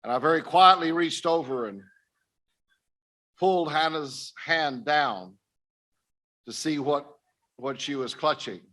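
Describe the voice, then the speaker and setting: A man's voice: fairly high pitch, slow, pauses often, bright, forceful tone. An older man giving an earnest personal testimony talk to a conference audience, speaking directly to his listeners. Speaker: missionary speaker. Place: conference stage.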